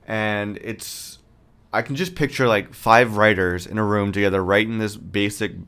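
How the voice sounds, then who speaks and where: A podcast host in his thirties rants solo in a low, smooth voice, swearing freely and leaning on sarcasm. He describes his own delivery as monotone, and the talk is casual.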